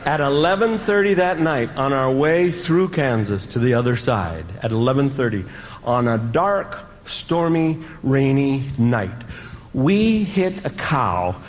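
A man performing stand-up comedy, telling a story with dramatic pauses and sound effects, recorded live in a large hall. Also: mid-range voice, lively intonation, background noise. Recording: live hall with audience ambience.

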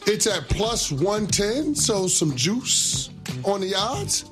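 A playful man co-hosts a sports talk show, often slipping into a sing-song delivery. His voice sits high for a man. Music plays behind him. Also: sing-song, slow.

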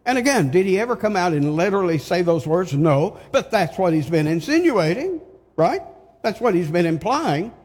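A man's voice: sits high, sing-song, moderate pace, darkish tone. An older man preaching an expository sermon, reading scripture aloud and pressing his points with emphatic rhetorical questions. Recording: long reverb of a large hall.

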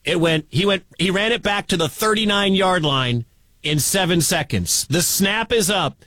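Male radio play-by-play caller, bright high voice, excitable. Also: moderate pace, no room sound. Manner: excitable, building to shouts at big plays. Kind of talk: live football radio commentary.

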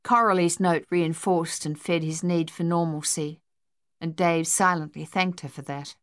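Female audiobook narrator, low voice, measured, dry close read. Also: fairly even intonation, dry recording. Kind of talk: scripted narration.

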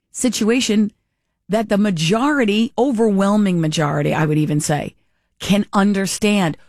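A woman's voice: medium pitch, darkish tone. A woman delivers fired-up political commentary in a mid-range voice, sarcastic and indignant, peppering her talk with rhetorical questions. The sound is dry and close, with no room echo.

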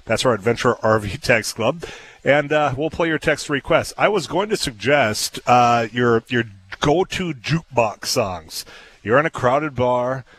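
A man's voice: medium pitch, lively intonation, a little slow, fairly bright tone, slight background noise, low-quality recording. A man hosting a talk radio show, chatting casually and telling stories with frequent fillers and laughs, in a radio studio. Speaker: radio host.

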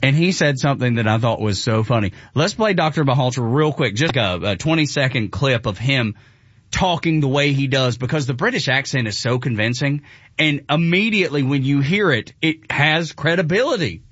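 A man hosting morning radio talk, excitable and jokey, laughing often. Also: medium pitch, normal speed, husky, no echo, highs cut off. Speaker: radio host.

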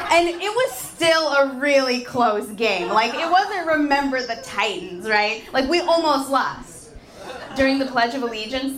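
A woman's voice: mid-range voice, a bit bright. A woman doing stand-up in a comedy club, chatting with the crowd in a self-deprecating way. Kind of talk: stand-up set. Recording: echoey club room.

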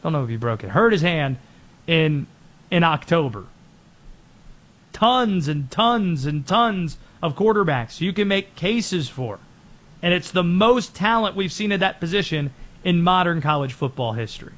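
High-voiced, brisk sports show host. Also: male voice, expressive, a bit bright. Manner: brisk, opinionated, rattling off names. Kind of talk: scripted sports commentary.

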